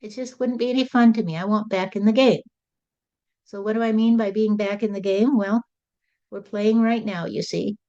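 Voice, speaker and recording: Woman channeling Jesus as a plain-talking, folksy male spirit: mellow voice, muffled lo-fi sound. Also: mid-range voice, steady tone, normal speed, natural voice. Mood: earnest. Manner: folksy, rambling, repeats "you see". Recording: dull lo-fi recording.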